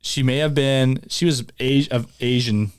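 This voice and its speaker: A man hosting a podcast, chatting casually and telling an animated, rambling story. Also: mid-range voice, moderate pace, clear, resonant tone, no room sound, clean studio sound. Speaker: podcast host. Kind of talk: casual chat.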